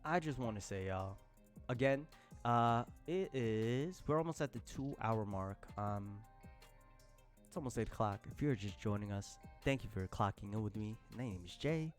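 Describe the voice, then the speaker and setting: A man streaming live, chatting casually with his viewers, laughing often and breaking into loud outbursts. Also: lowish voice, expressive, normal speed, faint music behind. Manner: addresses chat as y'all, slangy.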